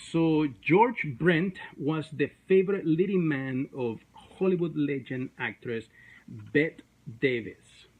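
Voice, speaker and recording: A man's voice: a little high, slow, narrow, tinny audio. A man hosting an online show in a chatty, self-deprecating way, with many fillers. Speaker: host. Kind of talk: casual YouTube show.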